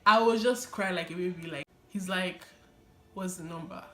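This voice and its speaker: A woman's voice: on the low side, normal speed. Young woman telling her testimony, echoey room. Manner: animated, laughs often, many fillers. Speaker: vlogger sharing her testimony. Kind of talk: casual personal storytelling.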